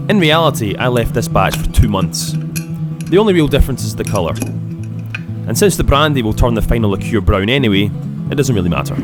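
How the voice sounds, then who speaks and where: A man narrating a scripted recipe voice-over in a calm, steady manner. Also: lowish voice. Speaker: host. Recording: voice-over with loud guitar music.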